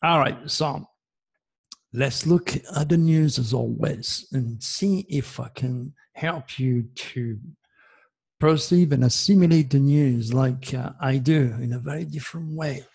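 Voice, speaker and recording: A man's voice: medium pitch, a little slow, gravelly, a little mellow, breathy edge. A man from France with a French accent, a native French speaker, giving an emphatic, self-promoting monologue as host and repeating himself. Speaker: astrologer host.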